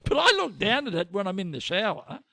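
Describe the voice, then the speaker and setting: A man's voice: high voice, sing-song, fairly quick, gravelly, bright, forceful tone, no room sound, studio quality. An older Australian man co-hosting a podcast, telling a rambling, self-mocking story in casual chat. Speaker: podcast co-host.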